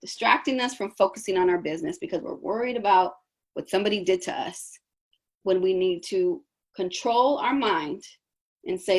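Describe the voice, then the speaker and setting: A woman's voice: mid-range voice, moderate pace. A woman coaching business owners in a conversational session, often checking in with "right?".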